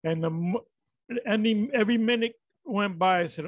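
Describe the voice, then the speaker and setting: A man's voice: sits high, moderate pace, dry recording. A man giving rambling, exasperated commentary on a religious video, full of restarts and fillers.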